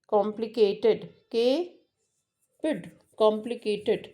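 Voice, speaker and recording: Lady teaching slow, mellow voice, kinda high, lots of uhs and restarts. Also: expressive. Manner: slow and repetitive, with frequent fillers and restarts. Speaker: English teacher. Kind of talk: classroom lesson explanation.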